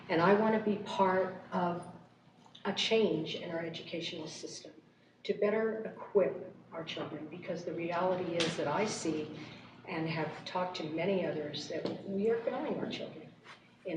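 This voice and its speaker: An older woman from Santa Fe giving an earnest candidate statement at a forum. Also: fairly low pitch. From Santa Fe, New Mexico. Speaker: board candidate. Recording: echoey hall, distant mic, background noise.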